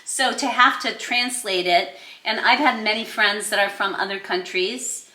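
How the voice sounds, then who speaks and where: An American woman hosts a podcast conversation, chatty and quick to affirm her guest. Her tone is bright and clear, bouncing around a roomy, echoing space. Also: mid-range voice. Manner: conversational, affirming with frequent mm-hmms. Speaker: podcast host. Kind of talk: casual interview chat. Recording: echoey room.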